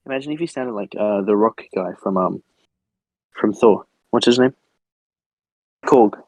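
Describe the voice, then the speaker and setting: A young man co-hosting a casual podcast, teasing his friend in a quick, chatty way. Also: lowish voice, darkish tone, no room sound, low-quality recording. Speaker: podcast co-host. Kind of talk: casual chat.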